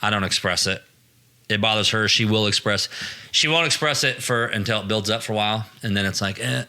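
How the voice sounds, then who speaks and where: Rambling, bright-voiced man host. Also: on the low side, brisk. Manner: rambling storyteller, swears freely. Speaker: podcast host. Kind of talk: casual chat.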